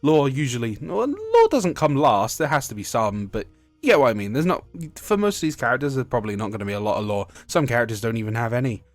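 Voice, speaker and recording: A man's voice: mid-range voice, expressive, fast, no echo, soft background music. A British man talking casually about a video game, rambling and often correcting himself mid-sentence. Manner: rambling, self-correcting, chatty. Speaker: gaming video creator.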